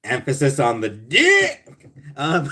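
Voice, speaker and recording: A man hosting a casual livestream, reading viewer comments and answering bluntly and profanely, with sarcastic jokes, sometimes muttering low and sometimes ranting loudly. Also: huge pitch swings, slow pace. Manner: blunt and profane, swinging between mutters and loud rants. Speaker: livestream host.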